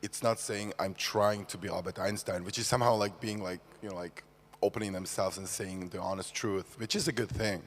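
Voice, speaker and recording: Low hesitant man, distant in a hall. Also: steady tone, a little fast. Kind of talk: spontaneous comment. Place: large trade-fair hall. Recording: distant, reverberant hall sound.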